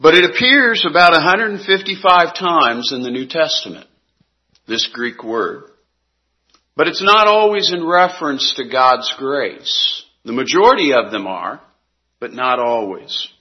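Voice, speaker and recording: A man preaching a sermon in a slow, earnest way, his voice sinking soft on key words. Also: a little high, big pitch swings, dull audio.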